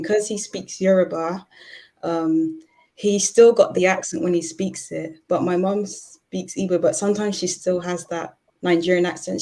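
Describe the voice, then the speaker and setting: A woman's voice: fairly low pitch, mellow. A woman chatting casually with an amused, chatty manner. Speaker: guest. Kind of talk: casual chat.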